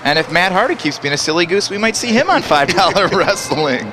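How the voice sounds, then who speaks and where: A man doing jokey, excitable comedic wrestling commentary, laughing often. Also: high-pitched, brisk, noisy background.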